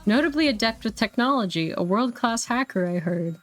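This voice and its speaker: A woman voicing a calm, precise hospital staff member in a game, speaking in a measured, clinical way. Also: fairly high pitch, no room sound, faint music behind, natural voice. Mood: recollecting.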